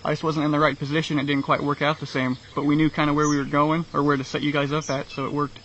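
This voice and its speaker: A man's voice: on the high side, little pitch movement, fast talker, a bit bright. A young man, a son on the hunt, recapping events in an easygoing, matter-of-fact way. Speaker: hunter, son. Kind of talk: casual outdoor recounting. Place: outdoors in rural fields. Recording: dull outdoor audio, faint field noise. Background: crickets and insects.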